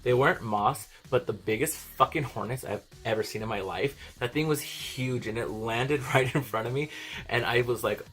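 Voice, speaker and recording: A man's voice: medium pitch, fairly quick, a bit bright, husky, soft background music. A young man vlogging, telling a rambling story in a casual, profane way and often laughing. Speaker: beauty vlogger.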